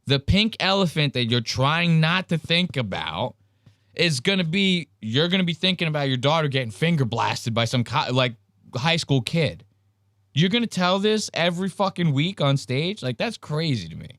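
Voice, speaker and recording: A man's voice: fairly high pitch, big pitch swings, normal speed, a bit bright, no echo, clean studio sound. A man hosting a podcast, reacting to clips in a casual, incredulous, rambling way, quoting the chat and mimicking people. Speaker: podcast host.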